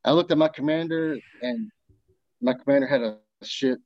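A man, a military veteran, telling a story in casual chat, animated and profane as he acts out the dialogue. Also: mid-range voice, moderate pace, no echo, dull audio.

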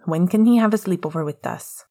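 A woman voicing a cheerful, teasing young father in a storybook reading, speaking brightly and upbeat. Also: lowish voice, a little fast.

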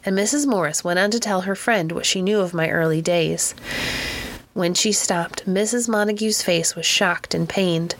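A woman reading an audiobook narration in a calm, even storytelling manner. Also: lowish voice, moderate pace, slight background noise. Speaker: audiobook reader. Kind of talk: scripted narration.

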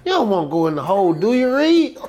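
A man's voice: high-pitched, very animated, quick pace, darkish tone, dull audio, pitched above the performer's own voice. A man voicing a bossy white Southern prison guard sergeant who barks orders and mocks him. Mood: taunting. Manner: barking orders, mocking.

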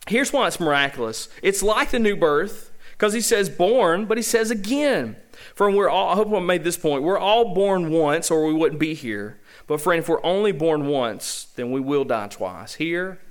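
A Southern American pastor preaching from the pulpit in his church sanctuary, firing rhetorical questions at the congregation. His voice sits a little high and swings widely in pitch as he presses each point. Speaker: senior pastor. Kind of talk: sermon.

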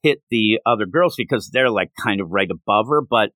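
Man, podcast host, casual rambling chat, animated, close dry mic. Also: on the low side, fairly quick, dry recording. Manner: rambling, animated, with filler words. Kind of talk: casual chat recapping a comic.

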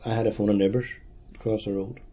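Low, mellow Northern Irish man. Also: flat delivery. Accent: Northern Irish, Derry. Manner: halting, plain-spoken storytelling. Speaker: interviewee. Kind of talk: oral history recollection. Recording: dull lo-fi recording.

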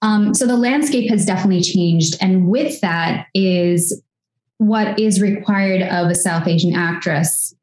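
A woman's voice: medium pitch, measured pace, darkish tone. A woman in her thirties, an actress guest in a casual interview, talking in a reflective, chatty way with many fillers. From United States. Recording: echoey room.

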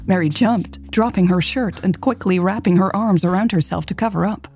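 A woman narrating a romance story in a calm, gentle and intimate reading. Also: mid-range voice, moderate pace, faint music behind.

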